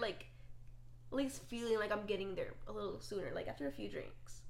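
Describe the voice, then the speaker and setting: A woman's voice: medium pitch, animated, brisk, vocal fry. A young woman co-hosting a casual chat podcast, rambling with lots of fillers. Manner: rambling, filler-heavy, many "like"s. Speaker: podcast co-host.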